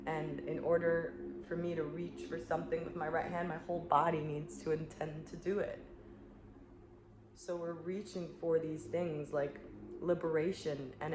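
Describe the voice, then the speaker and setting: Low-voiced woman musing in an echoey room. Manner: earnest, searching, with frequent "like" and soft laughs. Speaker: spiritual coach. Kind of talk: reflective spiritual monologue. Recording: echoey room with clear background noise.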